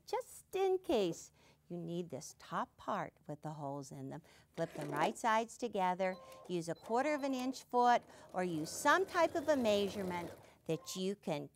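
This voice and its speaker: A woman's voice: lowish voice, dry recording. A woman hosting a quilting show, demonstrating cutting and sewing steps in a cheerful, playful way.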